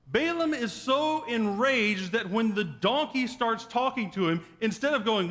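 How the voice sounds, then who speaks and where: A man's voice: extremely high pitch, animated, a little slow, few pauses, fairly bright tone, long reverb tail. A man preaching a sermon as pastor, retelling a story in a wry, joking way. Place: church sanctuary.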